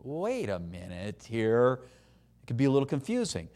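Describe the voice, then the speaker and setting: A middle-aged man preaching a sermon, animated, acting out voices and having the congregation repeat phrases after him. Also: mid-range voice, moderate pace.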